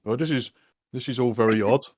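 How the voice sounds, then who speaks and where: A man's voice: medium pitch, a little fast, a little mellow, slight background noise. A man with an English accent playing a tabletop game, joking and bemused, calling others mate. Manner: bemused, jokey, calls people mate. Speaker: player. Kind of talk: casual tabletop play.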